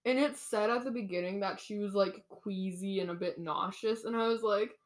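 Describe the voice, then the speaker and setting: A woman's voice: mid-range voice, normal speed. A young woman chats about a book on a podcast with a friend. She leans on "like" and keeps slipping into the characters' voices as she retells scenes. Her laughter keeps breaking in. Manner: giggly, says "like" a lot. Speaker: podcast co-host. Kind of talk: casual book chat.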